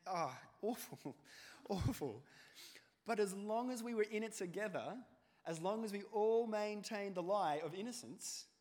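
A man preaches a sermon, telling stories with lively acted-out voices. His voice sits fairly high for a man. It carries a long reverb, as if in a big church hall. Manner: animated storytelling, acting out quoted voices.

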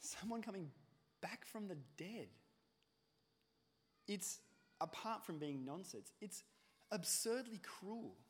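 A man preaches a sermon, telling stories with lively acted-out voices. His voice sits fairly high for a man. It carries a long reverb, as if in a big church hall. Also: takes it slowly, long pauses. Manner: animated storytelling, acting out quoted voices.

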